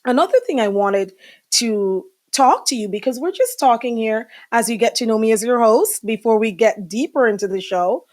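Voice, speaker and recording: A woman's voice: a little high, animated, moderate pace, a little mellow. A middle-aged woman hosting a live podcast, talking casually and chattily with many fillers and asides to her viewers. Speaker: podcast host.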